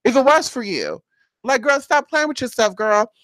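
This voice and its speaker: A woman's voice: on the high side, very animated, normal speed, a bit bright, no room sound. A woman who does paid spiritual casework, chatting bluntly and sassily with viewers on a live stream and calling them honey.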